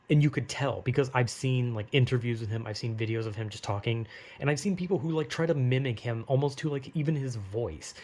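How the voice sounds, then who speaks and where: Young american dude, raspy fry in his voice, rambling vlog talk, kinda self-deprecating. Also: medium pitch, a little mellow. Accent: General American. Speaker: vlogger. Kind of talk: casual rambling monologue.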